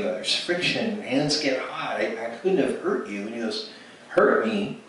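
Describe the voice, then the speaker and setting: A man's voice: medium pitch, lively intonation, slow pace, long pauses, fairly bright tone. A man giving a spoken testimony at a ministry gathering, storytelling with many restarts and acted-out dialogue. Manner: storytelling, acts out quoted dialogue with frequent restarts. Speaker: speaker at ministry event. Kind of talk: testimony sermon. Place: church hall. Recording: echoey hall from far off, faint noise.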